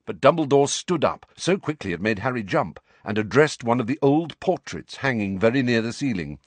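A man's voice: mid-range voice, expressive, normal speed, dry recording. A man narrating an audiobook expressively, shifting his voice for the characters.

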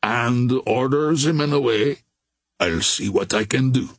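A man voicing a bold second mate who speaks low, steady and persuasive. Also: a little slow, no room sound, clean studio sound, natural voice. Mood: calm persuasive. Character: calm, bold second mate, male adult.

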